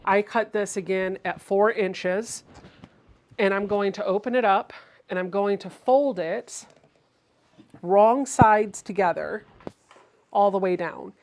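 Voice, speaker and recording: A woman's voice: mid-range voice, slow pace, long pauses, darkish tone. Woman host, casual sewing tutorial, talkative, greets viewers between steps. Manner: chatty, explains each step while reading viewer comments aloud.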